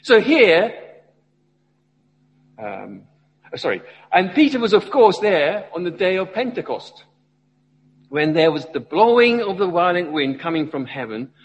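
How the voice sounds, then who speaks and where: A lay preacher, a member of the church, delivers a sermon and questions his listeners along the way, his emphasis rising and falling. His fairly high voice has a breathy edge, and the poor-quality audio carries a long reverb tail.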